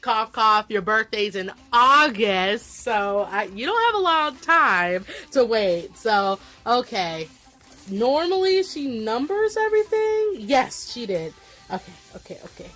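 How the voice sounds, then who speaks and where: A young woman with a light Southern country accent chats through an unboxing vlog. She gushes over every item with excited little exclamations. Her voice sits fairly high and she takes her time between words. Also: slow pace, soft background music. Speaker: vlogger unboxing a gift package. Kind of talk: casual unboxing chat.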